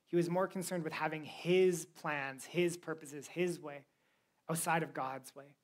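Woman preacher with a lowish voice, chatty and animated sermon delivery. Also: measured pace. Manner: animated, conversational, slangy storytelling.

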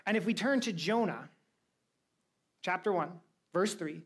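A woman's voice: on the low side, animated, a little slow, breathy edge. A woman teaching a Bible lesson to a young church group, telling the story with energy and quizzing her listeners.

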